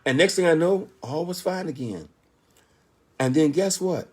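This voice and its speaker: High-voiced emphatic man in his 60s. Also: unhurried, breathy edge. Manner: emphatic, animated storytelling with rhetorical questions. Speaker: motivational speaker. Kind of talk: motivational speech.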